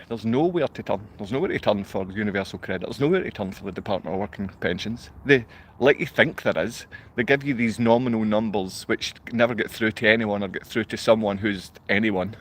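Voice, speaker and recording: A Scottish man ranting in a rambling monologue to a live online audience. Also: on the low side. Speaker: livestreamer.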